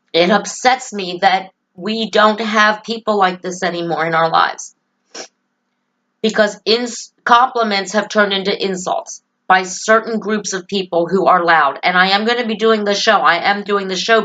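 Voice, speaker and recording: A woman's voice: mid-range voice, a bit bright, rough recording. A woman vlogging to camera about her own life and opinions, earnest, emotional and opinionated. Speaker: political vlogger. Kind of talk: personal talk to camera.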